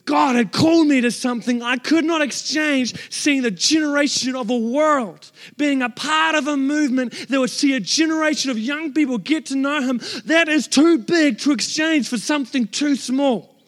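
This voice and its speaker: A man preaches a heartfelt sermon in a strikingly high voice. He tells his story earnestly and passionately, pushing up into shouts as he goes. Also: normal speed. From New Zealand. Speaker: pastor.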